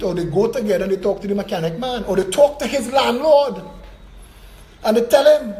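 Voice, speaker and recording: A man making a political speech, his voice pitched high. He talks in emphatic, declamatory bursts, and the sound rings around an echoey hall. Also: lively intonation, fast talker, mellow. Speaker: political candidate. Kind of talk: campaign speech.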